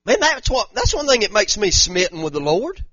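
A man's voice: high-pitched, big pitch swings, moderate pace, bright, forceful tone, breathy edge, no echo, highs cut off. A pastor preaching a fervent sermon, repeating his points and using casual slang. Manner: fervent, repetitive preaching with Southern-style slang.

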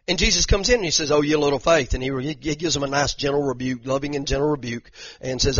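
Animated preacher, husky voice. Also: male voice, a little high, fast talker, hardly any pauses, no echo. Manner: animated, dramatic retelling, frequent repeated "and"s, southern "y'all". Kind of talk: sermon. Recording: dull lo-fi sound.

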